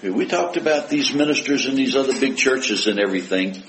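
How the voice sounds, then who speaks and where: The recording is poor, but the sermon is animated: a man with a mid-range voice talks a little fast, firing rhetorical questions and quoting scripture with growing intensity. For his heartfelt prayers he drops to a hushed voice.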